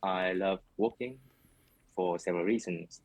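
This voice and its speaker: A man's voice: sits low, unhurried, a little mellow, rough recording. A man answering speaking test questions in a hesitant way, heard through a played-back recording of the test. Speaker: exam candidate.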